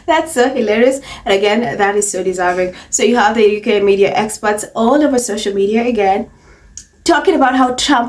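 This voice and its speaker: A woman's voice: on the high side, expressive, fairly quick, far from the mic. A woman hosting a celebrity gossip commentary, mocking in tone, repeating phrases for emphasis. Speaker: commentary channel host.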